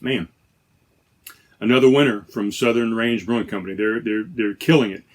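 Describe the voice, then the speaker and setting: A man's voice: fairly low pitch, fairly even intonation, normal speed. A man hosting a podcast in casual chat, rambling and correcting himself as he talks from inside a trailer. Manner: rambling, self-correcting, chatty. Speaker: podcast host. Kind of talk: casual beer-tasting chat.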